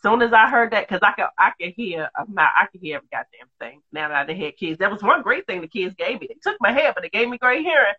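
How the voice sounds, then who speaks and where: A woman's voice: mid-range voice, quick pace, hardly any pauses, husky. A woman in her thirties chatting casually, telling profane stories with lots of laughter. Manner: animated, laughing, profane storytelling. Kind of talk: casual chat. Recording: dull lo-fi sound.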